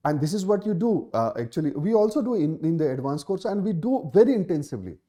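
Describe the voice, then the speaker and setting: Indian English male exam tutor, live Q&A, lively pitch, mellow tone, repeats key points. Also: fast. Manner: emphatic, repeats key phrases, many fillers. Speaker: exam coaching teacher. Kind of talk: live Q&A session answering student questions.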